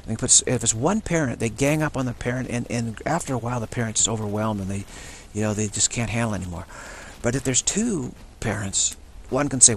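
A man's voice: mid-range voice, fairly quick, a little hiss or hum. A man talking in an unscripted, rambling monologue, often restarting and repeating words. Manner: acts out short quoted voices of others. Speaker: spiritual channel host.

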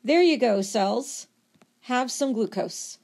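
A woman's voice: high-pitched, takes it slowly, gravelly, warm tone, pitched above the performer's own voice, exaggerated voice. A woman voicing a male liver as a cocky, helpful buddy, talking in breezy slang. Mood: eager.

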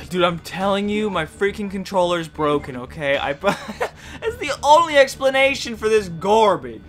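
Young man, high pitch, bright voice, goofy rambling game commentary, faint music behind. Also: sing-song, moderate pace. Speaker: gaming YouTuber. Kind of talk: let's play commentary.

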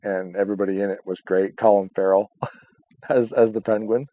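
A man's voice: lowish voice, fairly even intonation, normal speed, mellow. A man co-hosting a casual chat, swearing a lot, laughing often and acting out his own reactions. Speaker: podcast co-host.

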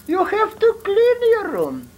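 Older man playing a stern elderly grandmother, shrill and scolding. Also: wildly swooping pitch, unhurried, slight background noise, exaggerated voice.

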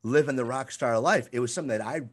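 A man's voice: mid-range voice, fast. A man hosting a casual interview, asking friendly questions in an admiring, fan-like way. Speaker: interview host.

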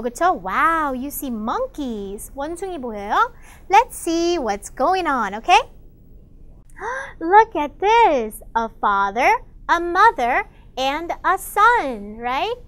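Brief: woman teacher, enthusiastic storybook reader, bright high voice, fast delivery. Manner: enthusiastic, gasps often, explains in Korean. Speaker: English teacher reading a picture book. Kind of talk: bilingual storybook lesson for children.

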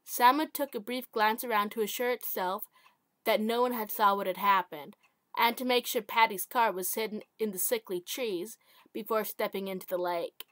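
A woman's voice: mid-range voice, moderate pace, fairly bright tone, no room sound. A woman reading her own short story aloud, stumbling over words and correcting herself. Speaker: amateur author.

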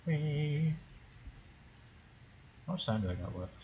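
A man's voice: a little high, expressive, slow pace, warm tone, a little hiss or hum, poor audio. A man hosting his own gaming channel, muttering and cursing to himself through a game, then wrapping up with commentary for viewers. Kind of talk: gameplay commentary.

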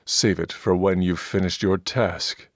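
A man voicing a gruff, bullying male dwarf priest in an audiobook, scornful and pompous. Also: low voice, fairly even intonation, measured pace, dry recording, studio quality, exaggerated voice.

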